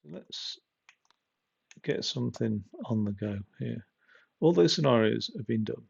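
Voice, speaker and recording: A man's voice: medium pitch, lively intonation, unhurried, vocal fry, a little mellow, breathy edge, highs cut off. A man casually commenting while playing a train simulator, rambling, swearing now and then and chuckling at his own stories. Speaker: game streamer.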